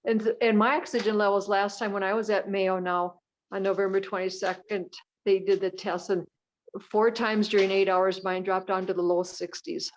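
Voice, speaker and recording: An older woman speaks over a video call at a mid pitch. She tells her story plainly and chattily, with a homely turn of phrase. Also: level tone, normal speed, a little hiss or hum, rough recording. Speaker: support group member. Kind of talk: casual group video call.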